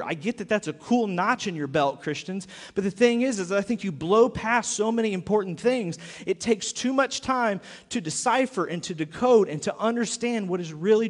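A man preaching a sermon as pastor, lively and joking, with frequent rhetorical questions. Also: sits high, big-room sound.

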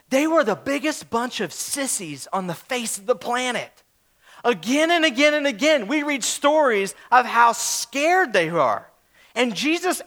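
Brief: male pastor, very high and bright voice, animated joking sermon storyteller.

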